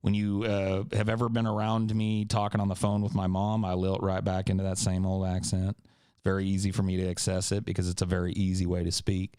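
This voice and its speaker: A deep-voiced man from Central California with a California accent and a faint Southern tinge, answering listener questions on his podcast. He rambles and swears bluntly in a fairly monotone delivery, recorded dry and close. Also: brisk, clean tone, dry recording. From Central California, USA. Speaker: podcast host. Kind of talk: casual podcast Q&A.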